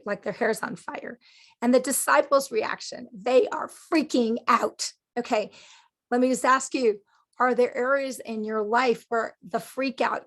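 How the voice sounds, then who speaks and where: A woman with a fairly high, gravelly voice teaches a sermon in a loose, conversational way. She is animated and keeps checking in with her listeners as she goes. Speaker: Christian teacher and podcast host.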